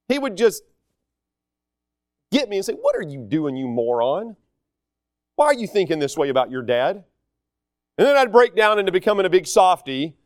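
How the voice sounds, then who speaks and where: A man preaching a sermon, telling stories in an animated, self-deprecating way. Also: high-pitched, clear, resonant tone, dry recording, clean studio sound.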